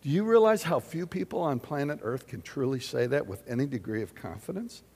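A man preaching a sermon in an auditorium, drawing answers from the audience and swinging from loud declarations to hushed questions. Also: mid-range voice, fairly quick, husky, in a large hall. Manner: animated, questioning the audience, big swings in loudness. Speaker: pastor.

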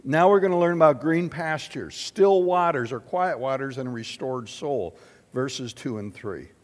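A man preaching a sermon in an auditorium, drawing answers from the audience and swinging from loud declarations to hushed questions. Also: mid-range voice, moderate pace, long reverb tail. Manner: animated, questioning the audience, big swings in loudness. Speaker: pastor.

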